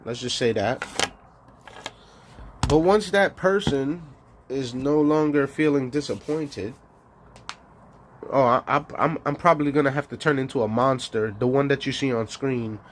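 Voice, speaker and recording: A man's voice: medium pitch, unhurried, long pauses, a little hiss or hum. A man giving a rambling, profane monologue as a streamer, bragging and laughing often between lines. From New York.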